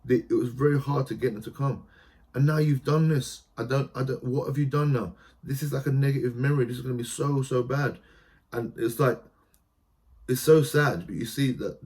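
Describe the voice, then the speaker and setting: Man, podcast guest, animated storyteller, restarts often, mid-pitched voice. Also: fairly quick. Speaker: theatre practitioner guest. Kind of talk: conversational podcast interview.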